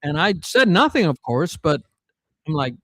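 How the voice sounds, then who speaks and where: A man's voice: on the high side, big pitch swings, normal speed, fairly bright tone, no room sound, low-quality recording. A man from South Dakota telling rambling family anecdotes in a casual podcast chat, full of fillers and restarts. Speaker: podcast guest.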